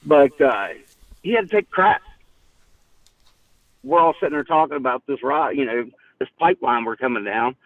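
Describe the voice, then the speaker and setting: A man's voice: mid-range voice, moderate pace, pauses often, dry recording, recorded from a distance. A man calling in to tell a story in casual chat, rambling with restarts and laughing often. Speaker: caller. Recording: tinny phone line.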